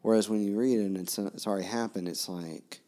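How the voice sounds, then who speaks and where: Talking a little fast with a steady tone, this podcast co-host has a lowish, mellow voice. His casual discussion of a novel is full of restarts and fillers.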